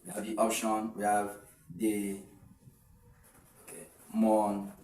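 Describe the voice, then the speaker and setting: A man's voice: fairly low pitch, monotone, measured pace, far from the mic, a little hiss or hum. A man teaching an exam-prep lesson, explaining step by step and counting syllables aloud with fillers and restarts. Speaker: English tutor. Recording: echoey room, voice a little off-mic.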